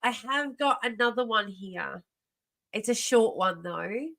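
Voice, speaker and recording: A woman's voice: on the high side, animated, unhurried, creaky, pushed and bright. A woman in her thirties hosting a casual livestream from home, rambling and self-interrupting, often laughing to herself. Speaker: livestream host.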